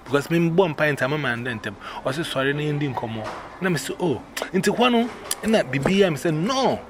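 A man with a Ghanaian accent telling a personal story in casual, animated speech, acting out the voices he quotes. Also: a little high, normal speed, noisy background.

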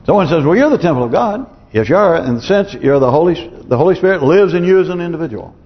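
A man preaching in a church, his fairly high voice carried by a long, ringing reverb. He talks conversationally, posing questions and clearing his throat often. The recording sounds muffled and dull. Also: animated, quick pace. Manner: conversational preaching, rhetorical questions, chuckles to himself. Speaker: pastor. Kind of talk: sermon.

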